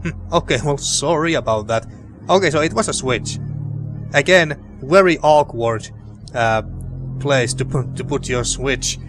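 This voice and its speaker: A man hosting a let's play, musing aloud about each puzzle in a voice of middling pitch. Game music plays clearly behind his commentary. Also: a little slow, fairly bright tone. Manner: rambling, thinking aloud with restarts. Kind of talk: casual gameplay commentary.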